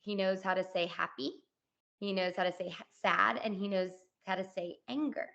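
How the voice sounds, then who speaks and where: A woman's voice: mid-range voice, steady tone, moderate pace, creaky, fairly bright tone, lo-fi sound. A woman in her thirties hosting a podcast interview, chatting casually with plenty of "like" and "you know". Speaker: podcast host.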